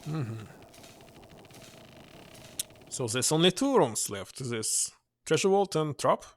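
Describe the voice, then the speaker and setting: A man streaming a game, reading its text aloud and thinking out loud in hesitant English, which is not his first language. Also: fairly high pitch, very animated, slow, slight background noise.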